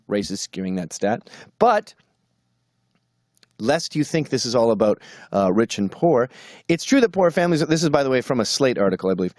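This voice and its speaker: Animated, sarcastic ranting man. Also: fairly high pitch, dry recording, studio quality. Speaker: commentator. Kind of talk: opinion monologue.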